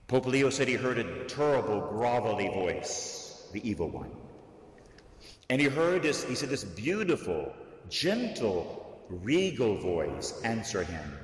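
A man, a Catholic priest, preaching a sermon to a live audience, telling the story slowly and deliberately and raising his voice for emphasis. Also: lowish voice, big pitch swings. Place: large church hall, live audience. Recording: echoey hall, long reverb.

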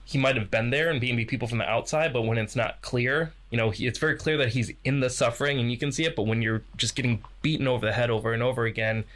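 A man co-hosting a podcast, asking questions in a halting, thoughtful way. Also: mid-range voice, steady tone, a bit bright. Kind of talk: casual chat.

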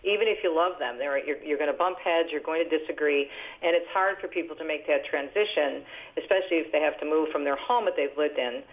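Woman in her 60s, phone-in guest, animated storyteller, low voice, tinny phone sound. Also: fast talker. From New Jersey, US. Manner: lively, animated storyteller with laughs. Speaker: radio talk show host and author, guest.

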